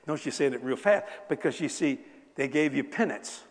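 With a medium-pitched, animated voice at a moderate pace, this preacher in his seventies keeps his sermon conversational. He jokes and tells stories with the congregation, and the sound carries a long hall reverb.

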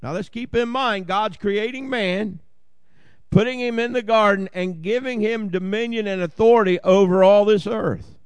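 This male pastor has a high, clear, resonant voice at a moderate pace, with no room sound in the recording. Speaking with a Southern Ohio accent, he delivers a folksy, joking sermon and repeatedly checks in with the congregation: "Amen?"

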